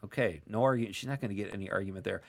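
A man's voice: on the low side, rapid-fire, vocal fry. A man hosting a casual call-in radio show, chatting and joking as he reads listener texts aloud.

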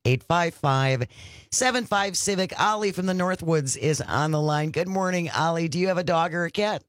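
A man hosting a morning radio show, chatting with co-hosts and reading out the phone number slowly. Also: a little high, fairly bright tone, dry recording, studio quality.

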